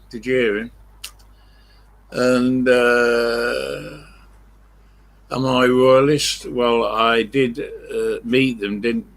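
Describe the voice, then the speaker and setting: A man's voice: lowish voice, a bit bright. An older man hosting a live stream, chatting in a rambling, blunt way, swearing freely and correcting himself as he goes.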